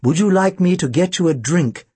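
A precise, earnest asylum doctor, acted by a man, measured and formal in every warning. The voice is raised and husky, with an animated rise and fall. The sound is close and dry. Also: high-pitched, no room sound, heavily acted. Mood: earnest cautious. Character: formal, cautious male asylum doctor, protective of his patient.

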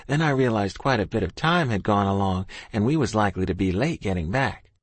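A man's voice: lowish voice, lively intonation, brisk, no echo. A man narrating a first-person story in a folksy rural dialect. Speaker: audiobook narrator.

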